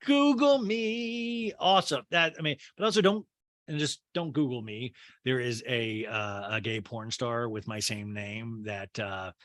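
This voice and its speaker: A man hosting a podcast, recapping a reality show in a chatty, sarcastic manner with quick asides. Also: on the low side, fairly bright tone, dry recording, studio quality. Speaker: podcast host.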